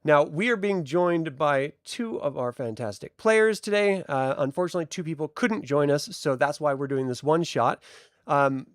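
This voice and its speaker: A man running a tabletop game as storyteller, narrating scenes in a relaxed, chatty way with frequent fillers. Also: on the high side, moderate pace, dry recording, clean studio sound. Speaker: game master.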